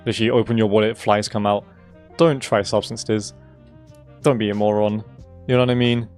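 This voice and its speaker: A young man streaming a game, talking in an emphatic, repetitive way with swearing, his voice going hoarse. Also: lowish voice, fairly even intonation, fairly quick, a little mellow, soft background music. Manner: emphatic, swearing, repeating himself for stress. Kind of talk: casual live-stream rant.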